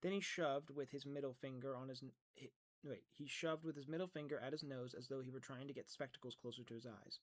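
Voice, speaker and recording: A man reading a novel aloud in a relaxed way, with chatty asides and occasional slips, recorded at home. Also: mid-range voice, fast talker, hardly any pauses. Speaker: reader of a novel. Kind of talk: casual audiobook read-aloud.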